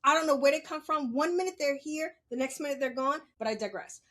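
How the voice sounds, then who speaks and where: Woman, high voice, casual podcast storytelling, animated, profane, laughing. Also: fairly quick. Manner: animated, profane, laughs while she talks. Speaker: podcast guest telling a story.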